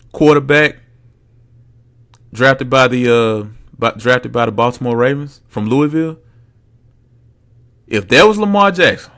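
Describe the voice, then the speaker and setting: Slangy young man ranting on a podcast. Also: mid-range voice. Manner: blunt, slangy and mocking, swings loud and soft. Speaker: podcast host. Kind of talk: casual solo sports podcast rant.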